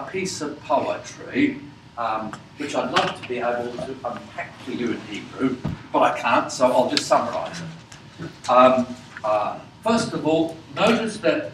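A man teaching a Bible class, asking his listeners questions and pausing often with fillers. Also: medium pitch, a bit bright, roomy sound, recorded from a distance, a little hiss or hum, poor audio. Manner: slow, questioning, many fillers.

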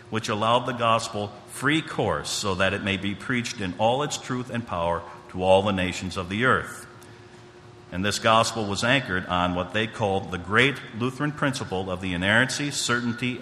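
A man giving a church history lecture, reading quotations with measured emphasis and occasional restarts. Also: on the low side, sharp tone. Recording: long hall reverb, faint ambient noise.

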